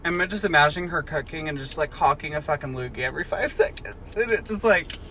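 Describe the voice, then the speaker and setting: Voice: mid-range voice, quick pace, pushed and bright, slight background noise. A young podcast co-host chatting casually, sarcastic and swearing freely. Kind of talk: casual comic chat.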